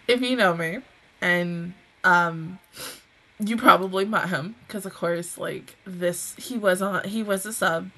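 A woman's voice: fairly low pitch, fairly bright tone, low-quality recording. A young woman hosting an anime reaction review, talking in a rambling, emotional way and swearing freely.

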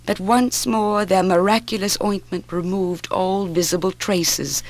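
An actress playing a young woman who narrates her own ordeal in a steady, grave voice, in a 1960s spoken-word drama recording. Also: mid-range voice, unhurried, lightly acted.

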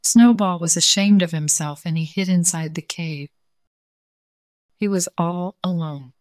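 A woman reading a bedtime story for children in a calm, gentle read-aloud manner. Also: on the low side, a little slow, no room sound, clean studio sound.

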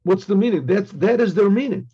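An older man, a rabbi, giving a Torah class, telling a story in a halting way with many restarts and frequent throat clearing. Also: high-pitched, expressive, highs cut off. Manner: halting, repeats words, clears throat often. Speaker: rabbi teaching.

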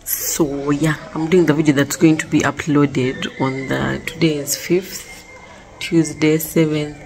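A young woman from Uganda talking casually to her phone camera in a vlog, chatty and often sliding into soft half-whispered asides. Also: deep voice, little pitch movement, a little slow, poor audio. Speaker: vlogger.

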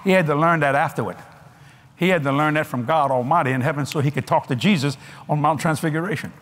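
An older man preaching a sermon at a large convention, animated and folksy, laughing between points. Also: a little high, quick pace, slight background noise.

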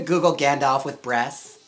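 A woman's voice: low voice, pushed and bright. A woman hosting a casual livestream while styling a wig. She is chatty and giggly and says "like" a lot. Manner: chatty, giggly, heavy use of "like".

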